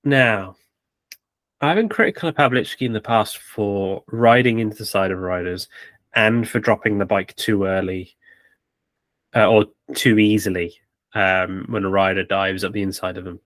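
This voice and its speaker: A man with a fairly low voice talks through his views in a relaxed but firm way, pausing on fillers as he works through each point. The sound is dry and close to the mic. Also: no echo. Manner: opinionated, measured analysis with fillers. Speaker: podcast co-host. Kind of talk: casual sports chat.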